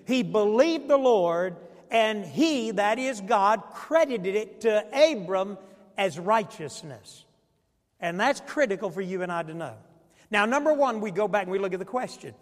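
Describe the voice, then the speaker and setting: A man's voice: high-pitched, animated, a little slow, in a large hall. A male pastor preaching a sermon, emphatic and asking the congregation questions. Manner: emphatic, call-and-response questions.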